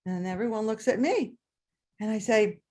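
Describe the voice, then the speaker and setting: Older woman storyteller, husky tone, animated delivery, jumps high for character voices. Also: moderate pace. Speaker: storyteller, former teacher. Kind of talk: oral storytelling at a story swap.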